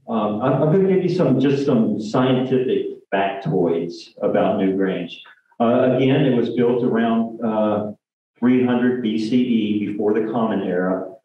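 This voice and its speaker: A low-voiced man talks slowly through a church presentation, stopping for fillers, restarting phrases and adding jokey asides. He stands back from the mic in a very echoey hall, and the sound comes through dull and lo-fi. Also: far from the mic. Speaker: lay speaker.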